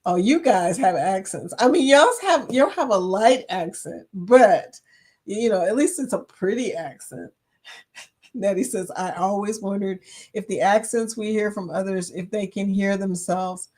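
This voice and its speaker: A woman with a Kentucky accent hosts a casual livestream, talking easily with her viewers. She reads their comments aloud and often breaks into laughter. Her pitch sits in a middle range for a woman. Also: unhurried, a little mellow. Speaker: livestream host.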